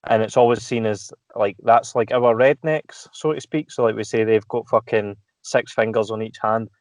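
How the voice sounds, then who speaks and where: A man's voice: lowish voice, fairly even intonation, moderate pace, no room sound. A Scottish man chatting casually as a podcast guest, swearing freely and laughing as he tells stories. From Scotland. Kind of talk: casual chat.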